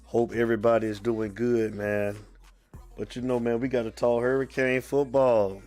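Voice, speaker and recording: A man hosting a live sports fan stream, a little sick and under the weather, yet still animated. He drawls out his greetings and shouts out commenters by name. Faint music plays behind him. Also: medium pitch, normal speed. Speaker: host of a live fan show. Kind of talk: casual live-stream chat, greeting viewers.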